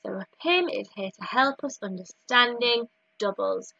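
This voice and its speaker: High, bright-voiced woman teacher. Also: expressive, vocal fry, breathy edge, no room sound, dull audio. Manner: slow, sing-song, encouraging classroom delivery. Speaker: early years teacher. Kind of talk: recorded remote maths lesson for young children.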